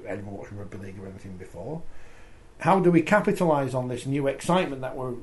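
A man's voice: medium pitch, animated, fast talker, darkish tone. A man hosting a sports podcast, chatting and reading out listener comments. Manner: conversational, reads out listener comments. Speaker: podcast host. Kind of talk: casual sports discussion.

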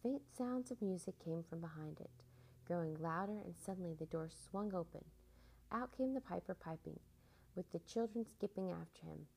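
Gravelly warm woman reading a storybook. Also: lowish voice, normal speed, rough recording. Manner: expressive, animated storytelling. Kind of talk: storybook read-aloud.

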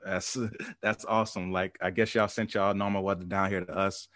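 A man hosting a podcast, talking sports in a laid-back, chatty way and laughing easily. His voice sits a little low, and it comes through a close, dry mic with no room sound. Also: level tone, moderate pace, fairly bright tone, no room sound. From Arizona. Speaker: podcast host. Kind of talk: casual sports podcast chat.

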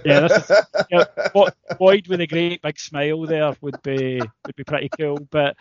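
A man's voice: on the high side, steady tone, normal speed, no room sound. Scottish man, dry lo-fi podcast sound. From Ayrshire, Scotland. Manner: chatty, rambling, wry asides. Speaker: podcast co-host. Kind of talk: casual chat.

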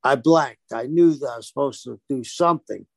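A man's voice: medium pitch, a little fast, gravelly, dry recording. A man, a former pro wrestler, telling stories in a casual interview and acting out the dialogue as he goes. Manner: animated storyteller who acts out quoted dialogue.

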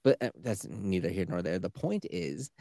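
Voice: low-pitched, very animated, normal speed, background noise. Blunt, profane podcast co-host. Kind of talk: casual podcast chat.

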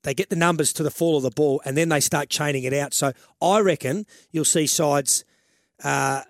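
A man's voice: fairly high pitch, no echo, clean studio sound. A middle-aged Australian man on sports radio, explaining football tactics in a rambling way and restarting his sentences as he goes. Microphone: studio microphone.

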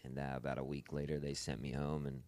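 A young man, a podcast guest, telling his own story in a halting way, repeating words and swearing casually. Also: very deep voice, flat delivery, darkish tone, dry recording, studio quality. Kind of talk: personal storytelling.

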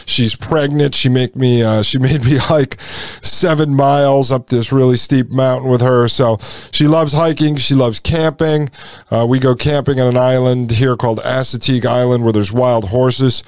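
Smooth-voiced man telling a story. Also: mid-range voice, steady tone, normal speed, dry recording. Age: 40s. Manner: casual, conversational, acts out quoted dialogue. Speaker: podcast host. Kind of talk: personal storytelling monologue.

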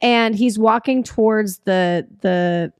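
A woman co-hosting a podcast, casually retelling a film scene with plenty of swearing and excited restarts. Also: medium pitch, takes it slowly, clear, resonant tone, no echo, clean studio sound. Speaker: podcast co-host. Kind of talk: casual chat recapping a film.

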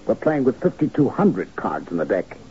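Worried manager, dark mellow voice, animated, old radio play. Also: male voice, on the low side, moderate pace, a little hiss or hum. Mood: urgent. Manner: urgent, explanatory. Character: worried, calculating male manager. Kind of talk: vintage radio drama acting. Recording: dull lo-fi old radio recording.

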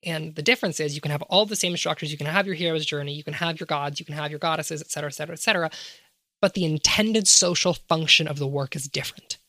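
Low-voiced woman lecturing on games. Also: quick pace, sharp tone, no room sound. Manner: academic, lecturing with rhetorical questions. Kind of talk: casual analytical discussion.

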